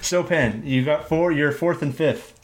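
A man hosting a podcast, talking casually with halting restarts and self-deprecating humor. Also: a little high. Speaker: host.

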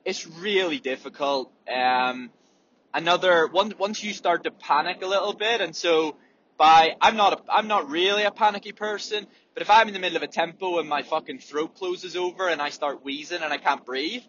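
A man's voice: fairly high pitch, brisk, fairly bright tone, muffled recording, slight background noise. A man, a runner talking candidly and swearing freely in a casual monologue, acting out breathing sounds as he explains.

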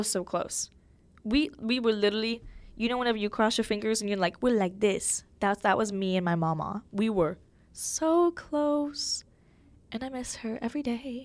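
A woman's voice: medium pitch, no room sound. A young woman hosting a podcast, talking candidly and emotionally in a casual chat full of fillers. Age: young adult. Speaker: podcast host.

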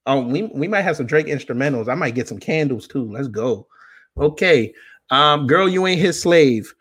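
A man in his thirties from New York, hosting a casual talk show, reading from a book and breaking off with teasing asides. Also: medium pitch. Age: 30s. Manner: loose, joking, with teasing asides. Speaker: podcast host.

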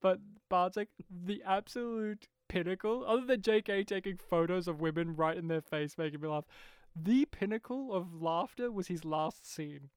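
A woman's voice: fairly low pitch, moderate pace, few pauses, darkish tone, clear, resonant tone, no echo, studio quality. A woman co-hosting a casual film discussion, laughing often and acting out the scenes she retells. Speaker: podcast co-host.

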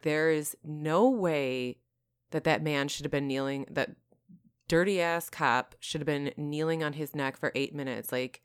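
A blunt, candid woman co-hosting a podcast in casual chat. Her voice is very low for a woman. The recording is dry and close, with no room echo. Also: unhurried, smooth. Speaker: podcast co-host.

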